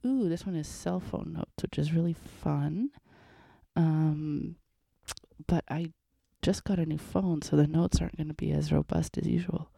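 Young female musician host, dark mellow tone, dry close sound, rambling and full of fillers. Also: low-pitched, a little slow, creaky, no room sound. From Canada's Northwest Territories. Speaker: musician hosting a show. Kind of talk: casual solo show talk.

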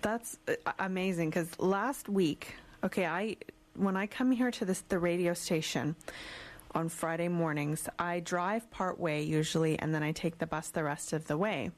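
A woman hosts a radio show and chats in a relaxed, casual way. Her voice sits a little low, and she often restarts her sentences mid-thought. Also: normal speed. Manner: chatty, hesitant restarts. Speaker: radio host.

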